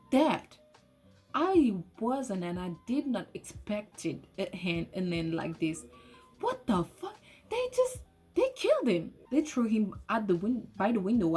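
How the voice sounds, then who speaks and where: Excitable woman reviewing a movie. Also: medium pitch, husky. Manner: excitable, swears often, restarts sentences. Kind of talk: casual spoken movie review. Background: soft lofi music.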